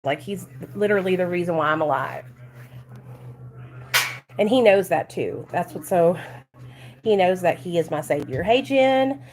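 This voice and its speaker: A woman's voice: fairly low pitch, lively intonation, measured pace, pauses often, a little mellow. A woman in her thirties with a Southern US accent, chatting casually and affectionately on a live stream from home, laughing often.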